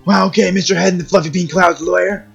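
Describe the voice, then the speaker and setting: Man doing a police detective, gruff, gravelly, husky, high, blustering. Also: steady tone, fast, fairly bright tone, soft background music, full character voice. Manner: blustering, barks at underlings. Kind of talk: voicing game dialogue on a stream.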